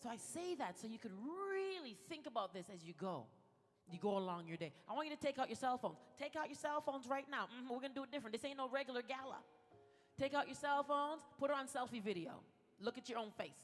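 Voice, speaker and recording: A woman's voice: high-pitched, lively intonation, fast. A woman giving a playful motivational speech at a gala and leading the audience through spoken mantras. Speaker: gala speaker. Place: large event hall. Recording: echoey hall with music.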